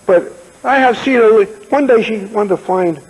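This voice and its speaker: A man's voice: high-pitched, moderate pace, breathy edge, big-room sound, low-quality recording. A man, telling rambling anecdotes as an interview guest and acting out the people he quotes. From United States. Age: 80s. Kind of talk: casual interview, storytelling.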